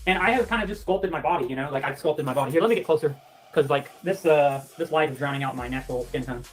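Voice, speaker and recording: A woman's voice: sits low, fast, faint music behind. A woman on a casual livestream, out of breath, bluntly and profanely answering viewer comments.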